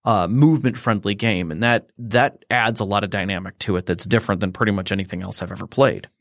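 A man's voice: lowish voice, fast talker, vocal fry, fairly bright tone, no echo, clean studio sound. A man explaining a tabletop game system in casual chat, rambling with fillers and restarts.

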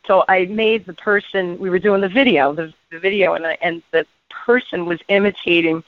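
A woman hosting a radio interview, chatty and quick to laugh, with quick asides. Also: fairly low pitch, no room sound, narrow, tinny audio. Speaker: radio show host.

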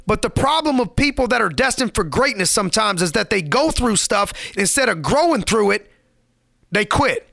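High-voiced, gravelly motivational speaker man. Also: bright, forceful tone, no room sound, studio quality. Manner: preachy, emphatic repetition; street-casual slang. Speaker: motivational podcast host. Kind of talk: motivational monologue.

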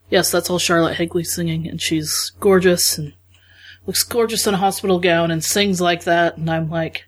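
A woman co-hosting a podcast chats enthusiastically in a voice on the low side at a moderate pace. In this casual conversation, she retells things animatedly, quoting and acting out her own reactions.

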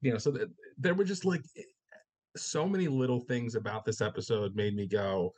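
A man talking loosely on a podcast, bursting into quick acted-out reactions and casual swearing. His voice sits at a middle pitch for a man. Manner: animated, swears freely, acts out characters' reactions. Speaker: podcast co-host. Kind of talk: casual chat about a TV episode.

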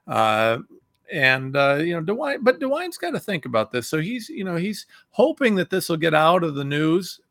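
Very animated and at a moderate pace, this Ohio-born, middle-aged male talk show host rants about politics, lurching from loud outbursts down to low mutters. His gravelly, bright voice is captured in a dry, close recording without echo.

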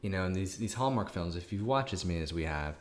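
A man's voice: deep voice, lively intonation, fast talker. A man co-hosting a casual movie review chat, thoughtful, with hesitant restarts. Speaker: podcast co-host.

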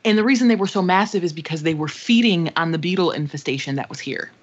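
Animated, profane woman telling a story. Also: fairly low pitch, fast talker. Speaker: podcast co-host. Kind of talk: casual storytelling chat. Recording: slightly dull lo-fi sound.

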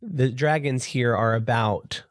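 Enthusiastic book chat voice, mid pitch, dry sound. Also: slow, dry recording. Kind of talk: casual book review chat.

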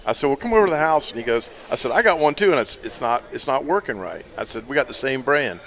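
Animated man telling a story. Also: medium pitch, fast. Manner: animated storyteller, laughs often. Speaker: radio show co-host. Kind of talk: casual storytelling chat. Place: live remote broadcast at a store.

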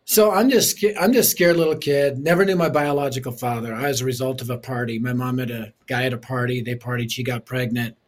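A man in an interview, telling his life story in an animated, storytelling way. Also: medium pitch, fairly quick, few pauses. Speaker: ministry leader and author.

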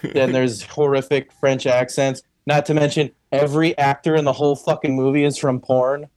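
A blunt man in casual podcast talk who swears freely. His middle-pitched voice sounds close and dry, with no room echo. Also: flat delivery, normal speed, a little mellow. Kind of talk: casual chat.

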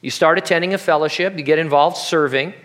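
A pastor preaching a sermon in a conversational way, with jokey asides. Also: male voice, on the high side, quick pace, fairly bright tone.

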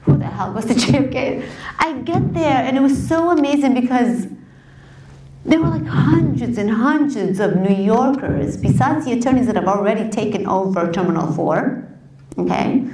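A woman's voice: a little high, expressive, normal speed, darkish tone. A woman community activist telling her story to an audience, impassioned and conversational, sometimes emotional. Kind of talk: personal storytelling talk to an audience. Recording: roomy, distant from the mic.

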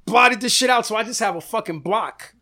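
A middle-aged man, a retired boxer, telling stories in a casual, animated and profane way, acting out what others said. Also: very high-pitched, brisk. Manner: animated, profane, acts out quoted voices. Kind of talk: casual storytelling. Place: room above a shop.

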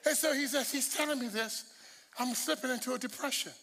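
A man preaching a sermon, telling stories with humor and repeating words when he rushes. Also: very high-pitched, in a large hall. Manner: animated storytelling with humor.

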